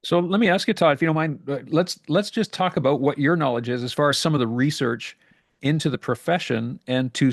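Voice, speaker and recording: A man with a Canadian accent, hosting a podcast and asking measured, polite questions. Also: mid-range voice, gravelly, no echo, studio quality. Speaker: podcast host. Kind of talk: interview questions.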